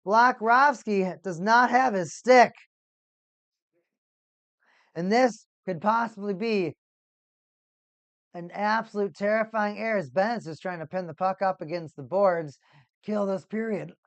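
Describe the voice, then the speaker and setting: A livestream host giving casual play-by-play commentary on a hockey game for a watch party, an excitable talker who gets loud at big plays. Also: mid-range voice, moderate pace, creaky, dry recording.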